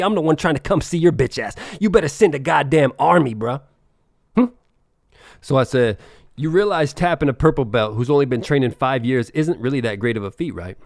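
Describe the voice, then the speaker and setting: A man's voice: medium pitch, dry recording, studio quality. A man reading his text messages aloud with brash, profane trash talk, mocking the other person as he goes. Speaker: vlogger.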